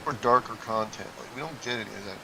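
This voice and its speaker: A man's voice: fairly low pitch, fast talker, creaky, background noise. A man casually commenting while playing a game, thinking aloud, rambling and trailing off mid-sentence. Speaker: gaming video creator. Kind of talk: casual let's-play commentary.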